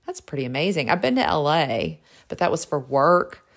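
Bubbly low-voiced woman telling stories. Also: big pitch swings, normal speed. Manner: bubbly and gushing, heavy use of "like". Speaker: realtor and podcast host. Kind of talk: casual solo storytelling.

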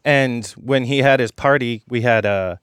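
A man's voice: medium pitch, a little slow, a bit bright, clean tone, no room sound. A middle-aged man, a chef guest in a radio studio, explaining his cooking with confidence and often checking in with "right?". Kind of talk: cooking demo chat.

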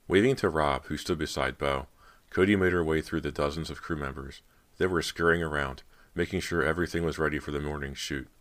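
A man narrating a horror audiobook, reading every part himself and raising his voice for dialogue. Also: fairly bright tone. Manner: reads all parts, lifting pitch and volume for dialogue. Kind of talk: scripted narration.

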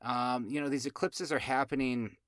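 A man of middle pitch talks in a loose, conversational way, full of "um" and "uh" and restarted phrases. He sounds close and dry. He drops jokey asides as he goes. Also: fairly even intonation, moderate pace, no echo. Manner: rambling, many fillers and restarts. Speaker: astrology show host. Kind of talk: casual chat.

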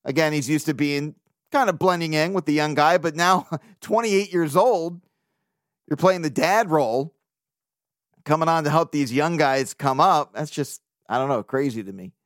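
A man's voice: fairly high pitch, moderate pace, dry recording, clean studio sound. A man hosting a casual solo sports podcast, talking in a loose, joking way, swearing now and then and laughing often. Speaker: podcast host.

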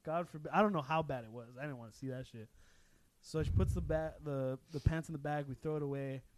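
A man's voice: a little high, fast, a little hiss or hum. A young man co-hosting a casual podcast, telling an embarrassing story with lots of laughter and swearing. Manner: animated storyteller, laughs often, swears freely. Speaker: podcast co-host.

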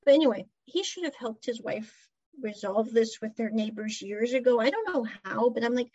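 A woman's voice: a little high, animated, normal speed, darkish tone, husky, no echo, highs cut off. A woman chattily retelling a drama episode, with giggles and side comments. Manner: chatty storyteller, giggles, asides. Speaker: drama recap vlogger. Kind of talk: casual episode recap.

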